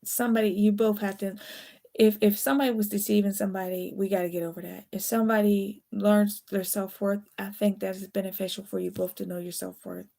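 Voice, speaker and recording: A woman's voice: medium pitch, flat delivery, brisk, creaky, dark tone. A tired woman giving a casual, late-night tarot reading, chatty and candid, swearing now and then. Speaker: tarot reader.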